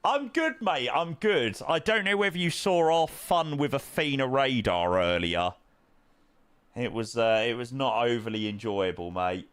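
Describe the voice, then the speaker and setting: A man's voice: medium pitch, a little slow, a bit bright, clear, resonant tone, no echo. Chatty man streaming. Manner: chatty, matey banter with frequent fillers. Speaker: flight sim streamer. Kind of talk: casual live-stream chat, answering viewers.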